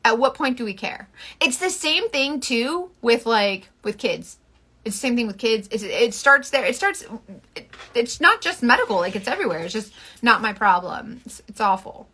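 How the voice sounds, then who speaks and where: A talkative woman from Florida vents to her viewers while doing her makeup live. Her voice sits a little high and sounds bright and clear. She rambles in casual asides. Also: moderate pace. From Florida, USA. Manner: chatty, venting, animated, swears. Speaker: makeup seller livestreaming. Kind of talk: casual livestream chat.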